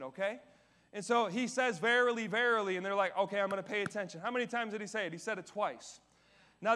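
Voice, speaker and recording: A male pastor preaching a sermon on stage, full of energy, asking the audience questions and swinging from loud declarations to quiet asides. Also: high voice. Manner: asks the audience questions and answers them. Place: church stage.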